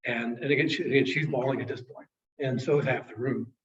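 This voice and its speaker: A man's voice: medium pitch, steady tone, a little fast. Man, late fifties, sales trainer, earnest storytelling, distant mic, dull echoey sound. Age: 50s. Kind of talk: storytelling presentation.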